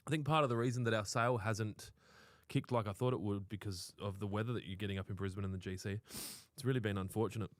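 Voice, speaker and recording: A man's voice: on the low side, fairly even intonation, fast, few pauses, dry recording. An Australian man co-hosting a live lawn-care show, chatting casually with crude humour and frequent laughter. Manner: laughs through his stories, crude banter. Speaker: podcast co-host.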